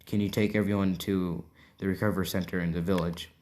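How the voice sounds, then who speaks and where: A man voicing a calm young slime ruler. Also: low voice, fast, lightly acted. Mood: grateful.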